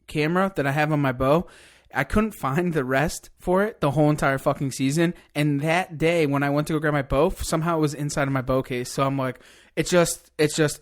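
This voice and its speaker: A man telling a long hunting story in casual podcast chat, excited and cursing freely. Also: a little high. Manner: excited, swears a lot, rambling hunting story. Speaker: podcast guest.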